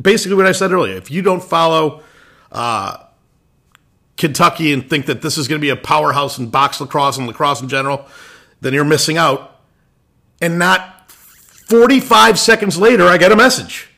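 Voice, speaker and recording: A man's voice: fairly high pitch, normal speed, bright, forceful tone. A man hosting a lacrosse show, ranting bluntly with swearing and restarts, irritated. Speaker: lacrosse podcast host. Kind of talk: opinion rant.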